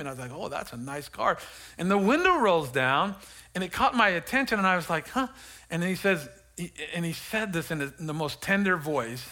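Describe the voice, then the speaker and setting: A man's voice: mid-range voice, pushed and bright. A middle-aged male pastor preaching a sermon and telling a personal testimony, earnest and emotional, often repeating and restarting his words.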